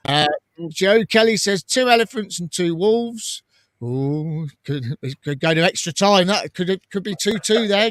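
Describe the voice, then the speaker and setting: Man, fairly high voice, chatty host, reads comments aloud, laughs often, dry close sound. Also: fairly bright tone, no room sound. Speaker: fan channel host. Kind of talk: casual live-stream chat reading comments.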